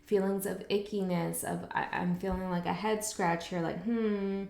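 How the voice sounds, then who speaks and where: A woman's voice: on the low side, level tone, normal speed, creaky, a little mellow, echoey room. A woman giving a tarot reading in a rambling, reflective way, full of fillers and restarts. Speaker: tarot reader. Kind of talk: casual spiritual monologue.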